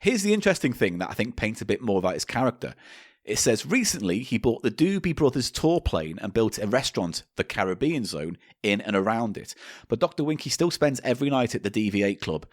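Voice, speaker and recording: A podcast co-host tells a story in a lively voice that swings up and down, now and then tripping over a word as he reads aloud. The recording is close and dry. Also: on the low side, brisk, no room sound. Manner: storytelling, stumbles over words. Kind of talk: casual comedy chat, reading aloud.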